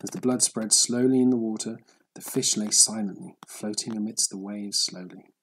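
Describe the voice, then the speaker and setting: A man narrating a story in a steady, measured audiobook reading. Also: lowish voice, slight background noise, rough recording.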